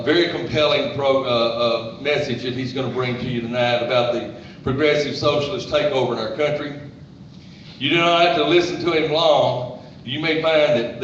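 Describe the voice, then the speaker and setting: A man's voice: mid-range voice, fairly bright tone, a little hiss or hum. Folksy man introducing a speaker in an echoey hall. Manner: folksy, joking, reads a bio aloud. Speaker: event host. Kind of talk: introducing a speaker at a live event. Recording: echoey hall, distant tablet recording, muffled.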